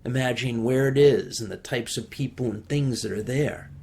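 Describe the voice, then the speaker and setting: A minister calmly reading writing prompts during a service in a measured way. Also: male voice, on the high side.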